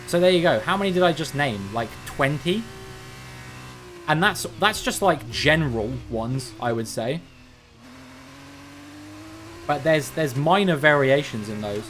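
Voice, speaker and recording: A man's voice: fairly high pitch, animated, unhurried, pauses often, fairly bright tone, a little hiss or hum. A man from Cornwall with a general Southern English accent, chatting casually on a game livestream and musing aloud with frequent restarts. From Cornwall, England. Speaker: game streamer.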